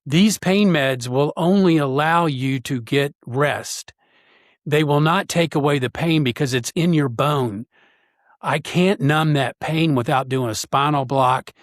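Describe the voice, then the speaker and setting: A man of medium pitch tells a painful personal story as a podcast guest. He speaks earnestly and haltingly, filling the gaps with pauses and fillers. The recording is dry and close. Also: a bit bright, no echo.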